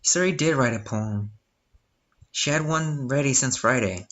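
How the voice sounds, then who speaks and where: A man's voice: medium pitch, measured pace, a bit bright. A young man casually reading a visual novel aloud, breaking off with joking asides. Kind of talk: casual live game reading.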